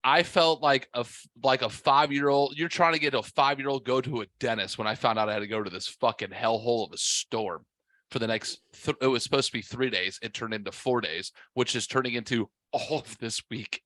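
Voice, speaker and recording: A man in his forties telling a story on a casual podcast in a blunt, profane, animated way. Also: medium pitch, fairly quick, dry recording. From half white, half Mexican heritage. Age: 40s. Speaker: podcast host.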